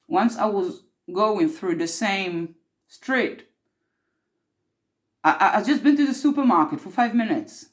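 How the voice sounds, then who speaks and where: A woman playing an earnest mystic who tells of time slips in an improvised monologue, intense and repeating herself for emphasis. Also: mid-range voice.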